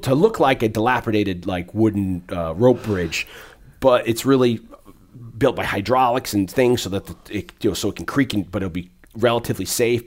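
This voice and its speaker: A man in casual podcast chat, retelling a film scene by scene in a rambling, animated way with many fillers. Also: lowish voice.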